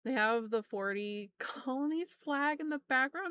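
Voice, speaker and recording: A woman's voice: sits high, a little slow, few pauses. Laid-back, giggly young woman streamer. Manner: laughs often, swears freely, rambling storytelling. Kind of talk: casual chat stream.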